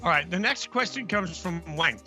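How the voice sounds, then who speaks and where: A man's voice: high-pitched, animated, moderate pace, sharp tone, soft background music. A man hosting a fantasy football show in a playful, joking way. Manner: jokey, playful. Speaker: host.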